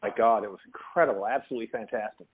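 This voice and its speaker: A man's voice: on the low side, very fast, slightly rough. Man from Newfoundland telling stories, phone-like audio. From Newfoundland, Canada. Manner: animated anecdote teller who acts out quotes. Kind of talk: casual storytelling chat.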